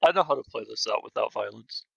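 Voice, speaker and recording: A man's voice: lowish voice, lively intonation, fast, gravelly, fairly bright tone, breathy edge, no echo, muffled recording. A man playing a tabletop game in a laid-back, amused way. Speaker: player. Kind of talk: casual tabletop play.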